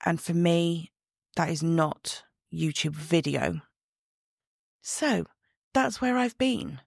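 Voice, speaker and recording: Sitting at home with just the room lights on, a body image coach records a casual solo podcast on her own mic. Her lowish, fry-tinged voice is slow, chatty and direct, and she laughs at herself. The sound is dry, without echo.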